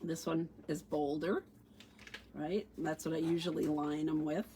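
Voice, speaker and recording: Slow-talking chatty woman, crafting demo. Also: sits low, level tone, warm tone, slight background noise. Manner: chatty, thinks aloud, frequent fillers. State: sniffly with allergies, sneezing. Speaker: stamping demonstrator. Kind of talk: casual crafting livestream demo.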